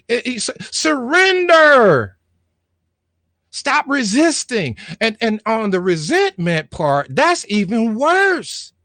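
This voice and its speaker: A man's voice: high voice, a bit bright, no room sound. A middle-aged man preaching a motivational sermon straight to his online viewers, calling out for responses and repeating his words as he builds his points.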